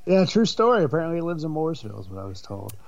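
A man's voice: on the high side, sing-song, rapid-fire, vocal fry, muffled recording. A man co-hosting a podcast, wry and joking, laughing often. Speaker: podcast co-host. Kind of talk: casual chat.

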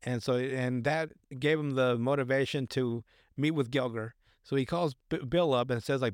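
A man's voice: medium pitch, normal speed, no echo, clean studio sound. A man casually recapping a film on a podcast, rambling, swearing often and acting out the characters' lines. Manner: rambling, profane, acts out quotes. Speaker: podcast co-host.

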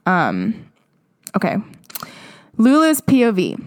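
A woman's voice: mid-range voice, huge pitch swings, takes it slowly, no room sound, clean studio sound. A woman in her twenties reading fan fiction aloud and adding casual, teasing commentary full of fillers. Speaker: vlogger.

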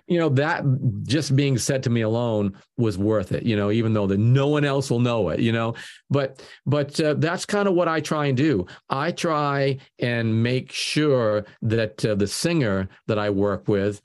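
A man speaking as a guest producer in a casual interview. His pitch sits in an ordinary middle range. He rambles and doubles back on words while he explains. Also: a little slow. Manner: rambling, repeats words often as he thinks.

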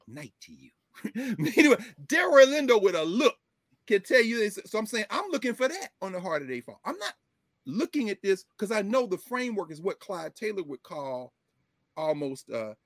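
A middle-aged man, a professor, giving animated, emphatic conversational commentary, digressing often and breaking into laughter. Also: high-pitched, no room sound, clean studio sound.

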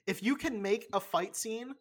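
A young adult podcast co-host in casual chat, blunt and opinionated, swearing freely and stalling with lots of fillers. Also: medium pitch. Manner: loose, halting delivery with many fillers.

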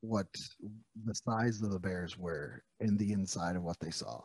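A man's voice: deep voice, unhurried, a little mellow, breathy edge, no room sound. A middle-aged man in casual conversation, telling rambling, jokey stories and often correcting himself mid-sentence. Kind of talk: casual chat.

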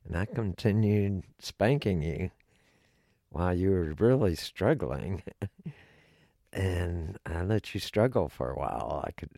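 A man co-hosting a podcast, talking in a slow, deliberate, instructive way. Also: low-pitched, creaky, a little mellow, no room sound, studio quality. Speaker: podcast co-host. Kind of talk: casual podcast chat.

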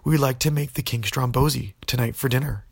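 A man's voice: mid-range voice, brisk, vocal fry, breathy edge, no room sound. A man voicing two young princesses in a storybook tale, earnest as they plot. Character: two brave young princesses disguised as ogres.

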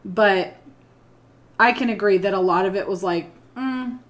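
Animated woman chatting about a movie. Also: medium pitch, moderate pace. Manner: animated, swears casually, acts out quotes. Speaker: podcast co-host. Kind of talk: casual movie review chat.

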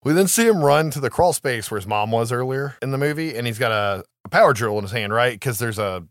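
A man co-hosting a podcast, retelling a movie plot in a casual, animated way with frequent laughs. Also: medium pitch, quick pace, dry recording, studio quality. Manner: animated storytelling, laughs often, profanity. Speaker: podcast co-host.

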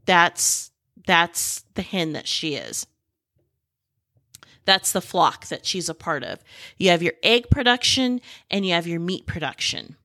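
A middle-aged woman hosting a homestead podcast, talking excitedly and rambling, with lots of restarts. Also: lowish voice, measured pace, dry recording, clean studio sound. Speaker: podcast host. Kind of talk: casual podcast talk.

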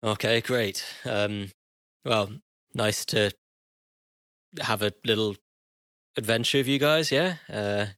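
An easygoing man chats as a player in a tabletop game, chuckling as he goes. His voice sounds bright and forceful, and the recording is dry and close. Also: on the low side, slow pace, long pauses, no echo.

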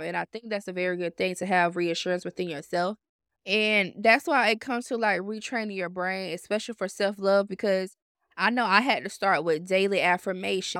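A woman in her twenties hosting a podcast, telling her story in a blunt, profane, animated self-help monologue. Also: medium pitch, dry recording, studio quality. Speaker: podcast host.

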